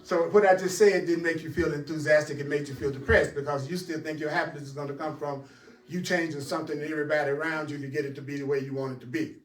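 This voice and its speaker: A man with a notably high voice leads a spiritual teaching session. He speaks emphatically and laughs often as he addresses his listeners directly. The sound is roomy and echoey. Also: steady tone, quick pace, far from the mic. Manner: emphatic, laughing, talks straight to the audience. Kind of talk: teaching a class.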